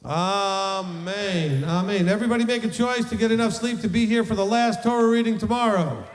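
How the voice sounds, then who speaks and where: A man teaching a midrash as rabbi, in an animated, joking and emphatic way, in a large tent. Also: sits high, normal speed, long reverb tail, slight background noise. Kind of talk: lively teaching talk. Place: large tent with a live group.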